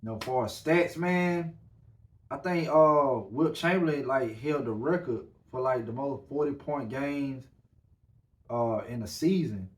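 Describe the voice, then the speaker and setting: Male podcast host, relaxed and slangy, mid-pitch voice, sitting back from the mic. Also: unhurried. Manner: laid-back, loose slang, filler-heavy. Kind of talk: casual podcast chat. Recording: voice a bit far from the mic.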